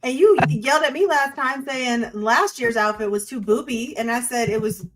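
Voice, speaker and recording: A woman's voice: a little high, moderate pace, heavy background noise. A woman hosting a casual chat show, upbeat and teasing, laughing with her co-hosts. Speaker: host.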